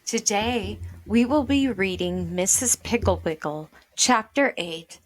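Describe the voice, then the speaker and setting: A woman reading a children's book aloud in a slow, careful way, stopping to explain words for young listeners. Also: mid-range voice, no echo, clean studio sound.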